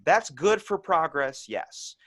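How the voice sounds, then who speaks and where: A man hosting a podcast, telling stories in a casual, animated way with frequent restarts. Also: fairly high pitch, slow pace, dry recording. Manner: animated storyteller, restarts often. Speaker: podcast host. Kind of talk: casual conversation.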